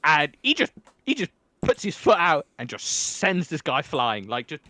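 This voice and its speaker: Male podcast co-host from England, animated storyteller, swears freely, dry recording. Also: on the high side, normal speed, dry recording. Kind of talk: casual chat.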